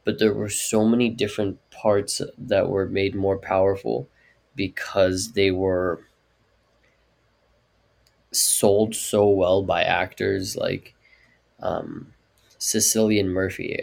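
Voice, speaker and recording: A man's voice: low voice, slow, gravelly, darkish tone. A man chatting casually on a podcast in a playful, wisecracking way. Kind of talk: casual chat.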